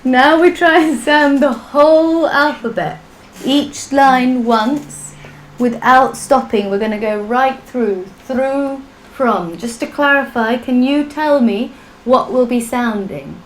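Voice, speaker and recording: This woman's voice is high and slow, carrying a little hiss or hum. She's a language teacher on a live-streamed class, patiently sing-songing syllables and joking with students, recorded in an echoey room with background music.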